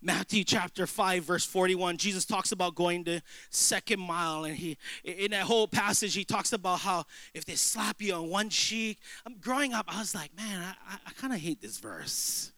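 A man preaching a sermon as a pastor, telling lively stories with humor and acted-out dialogue. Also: high voice, moderate pace, few pauses, no echo. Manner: animated storytelling preacher, jokes and acted-out dialogue.

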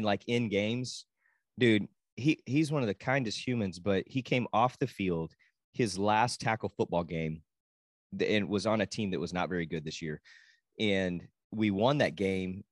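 A low-voiced father appears as a guest on a podcast, chatting casually and animatedly telling stories about his kids while acting out what people said. The sound is clean studio quality with no echo.

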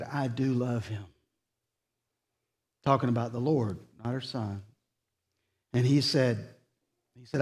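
A man preaching a sermon, retelling conversations as quoted dialogue and dropping soft and slow for solemn points. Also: mid-range voice. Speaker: pastor. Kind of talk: sermon storytelling.

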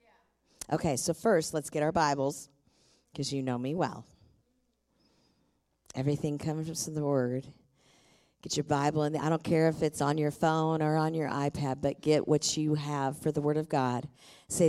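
Low slow-speaking woman pastor preaching. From Tacoma, USA. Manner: lively preaching, leads the congregation in call-and-response. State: voice deeper than usual. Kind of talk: sermon. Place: church stage.

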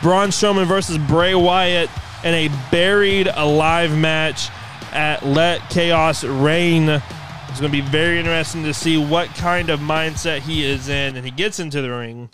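High-voiced man calling wrestling play-by-play. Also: a little slow, over music. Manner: energetic, announcing. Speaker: host narrating as commentator.

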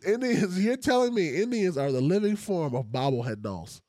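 Man co-hosting a podcast, laughs easily, lively swinging pitch, slightly high voice. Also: moderate pace, dry recording, studio quality. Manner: laughing, profane, animated. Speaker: podcast co-host. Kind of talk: casual chat.

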